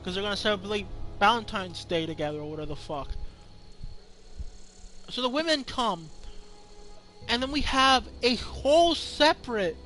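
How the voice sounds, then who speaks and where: High-voiced man ranting about a movie. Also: normal speed, pauses often, faint music behind. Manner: profane, rambling, excited. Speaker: movie reviewer. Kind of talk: casual rant.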